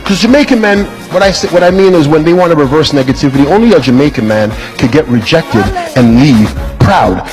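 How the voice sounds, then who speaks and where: A man doing a crude, animated stand-up comedy set in a comedy club. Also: on the high side, a little fast, few pauses, music in the background.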